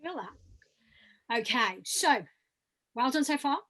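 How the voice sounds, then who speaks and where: A woman's voice: sits high, lively intonation, slow pace, sharp tone. A woman leading an online voice workshop, encouraging and demonstrating sounds and exercises for the group. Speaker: voice workshop leader.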